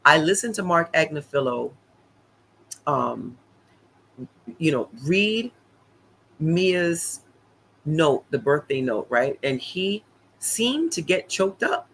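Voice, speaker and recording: A man recapping events casually on a live stream, chatty and animated, with lots of fillers and asides to viewers. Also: a little high, takes it slowly, pauses often, slight background noise, poor audio. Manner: animated, chatty, many fillers and repeated "honey, listen".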